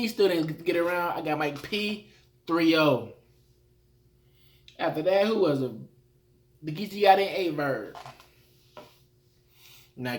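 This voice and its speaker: A man giving a casual recap of rap battles, talking in an animated way and acting out his own reactions. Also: a little high.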